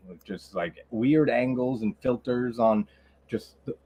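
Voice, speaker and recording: A man's voice: medium pitch, a little slow, dark tone, breathy edge. A man from New York chatting as a panel guest, laid-back and trailing off at times. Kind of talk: casual chat.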